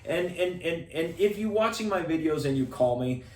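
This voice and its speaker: A man's voice: a little high, animated, moderate pace, a little mellow. A middle-aged man speaking casually and bluntly to camera as a salesman and channel host, rambling with many restarts and fillers. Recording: echoey room, voice a bit far from mic.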